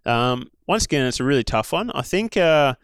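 Rambling Australian man, smooth voice. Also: medium pitch, very animated, normal speed, a bit bright, no room sound, studio quality. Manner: rambling, full of fillers and self-interrupting asides. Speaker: former pro cyclist guest. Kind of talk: casual storytelling chat.

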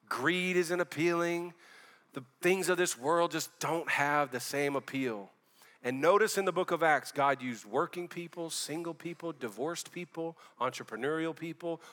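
A man's voice: fairly high pitch, fairly bright tone, in a large hall. A man preaching a sermon as pastor, fervent and conversational, dropping casual slang as he talks.

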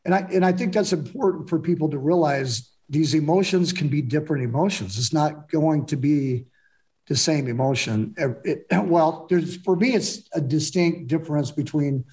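A man speaking reflectively in a candid, casual conversation, often pausing and restarting. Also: on the high side, a little mellow.

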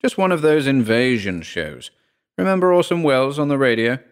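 A man's voice: mid-range voice, very animated, normal speed, smooth, voice pushed up, close to an everyday voice. A man reading a story aloud and voicing a dismissive male party guest who scoffs at everything. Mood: scoffing.

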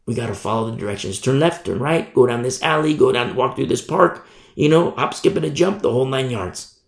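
Gravelly, animated man preaching in an echoey room. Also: medium pitch, brisk. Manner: animated storytelling, acts out shouted warnings. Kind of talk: sermon.

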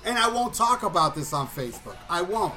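A man casually telling a long story on a talk show, animated and profane, acting out voices and shouting at the punchlines. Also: sits high, a little fast, music in the background. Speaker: podcast co-host.

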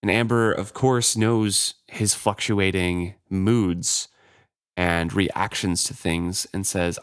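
A man's voice: low voice, slow pace, smooth, no room sound, studio quality. A man casually retelling the plot of a novel, reading passages aloud and paraphrasing with loose fillers. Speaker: book discussion podcaster.

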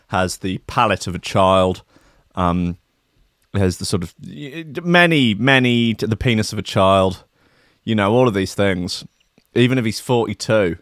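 A man's voice: fairly low pitch, a bit bright, no room sound, clean studio sound. A young man hosting a comedy podcast, rambling and swearing as he riffs on news stories. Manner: profane, riffing, slips into mock voices. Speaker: podcast host.

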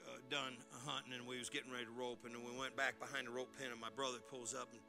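A male pastor giving a folksy, animated sermon, often restarting his words. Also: mid-range voice, fast talker, vocal fry, music in the background. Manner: folksy, animated and joking, with repeated word restarts.

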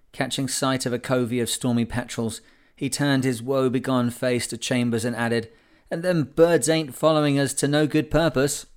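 A male audiobook narrator with a clear, resonant, mid-pitched voice reads a classic sailing memoir. His storytelling is calm and measured.

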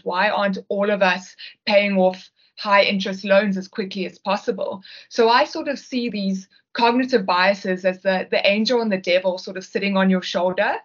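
A South African woman, a consultant speaking as a podcast guest, explaining her ideas in a measured way with occasional restarts. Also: medium pitch. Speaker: guest, behavioural linguistics consultant. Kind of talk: podcast interview. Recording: slightly muffled podcast audio.

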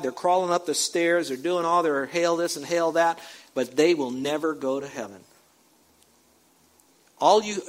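Emphatic preaching man, fairly high voice. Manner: emphatic preaching, repeats phrases, drops to quiet asides. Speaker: pastor. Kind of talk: sermon.

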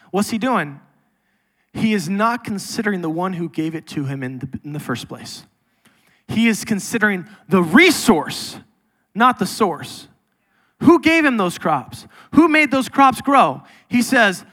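A man preaching a sermon as pastor, emphatic and swinging between loud and soft. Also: sits high, big pitch swings, a little slow.

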